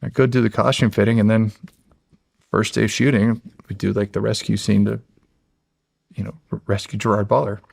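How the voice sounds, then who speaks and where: Middle-aged male interview guest, deepish and gravelly, lively storyteller who restarts his sentences a lot. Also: fairly quick, long pauses, no echo, clean studio sound. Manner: animated storyteller, acts out quotes, frequent restarts. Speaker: podcast guest, former Navy SEAL. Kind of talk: storytelling in a long-form interview.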